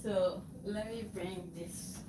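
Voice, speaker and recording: Slow-talking giggly woman. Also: fairly low pitch, steady tone, warm tone, distant mic. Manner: giggly, stammering protests. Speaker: wife and co-host. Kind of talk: casual livestream chat. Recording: echoey noisy home livestream.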